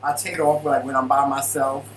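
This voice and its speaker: A man co-hosting a casual live stream from his living room, greeting viewers in an animated, playful way. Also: medium pitch, brisk, distant mic, slight background noise, low-quality recording. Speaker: co-host of a live stream show.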